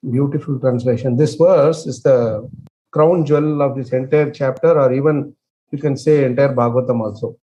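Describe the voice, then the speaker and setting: A man leading an online scripture class. He explains with many fillers and restarts and chants verses very slowly. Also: medium pitch, steady tone, warm tone, highs cut off. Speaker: scripture study teacher.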